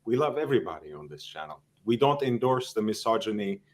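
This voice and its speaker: A man's voice: fairly low pitch, big pitch swings, quick pace. A man co-hosting, commenting wryly on a clip. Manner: wry, joking.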